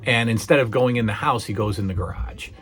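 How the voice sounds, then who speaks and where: This middle-aged man, hosting his own channel, speaks a little fast in a lowish, fairly bright voice with a breathy edge over soft background music. He chats casually and hesitantly about memorable TV moments, stumbling through fillers and restarts and getting emotionally stirred while retelling scenes.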